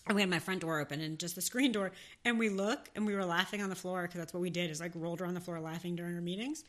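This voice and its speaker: A woman's voice: on the low side, very fast. A woman with a mix of New Jersey and Southern accent, chatting casually as a podcast co-host and telling stories with frequent laughs. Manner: animated, laughs often, storytelling. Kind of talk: casual chat.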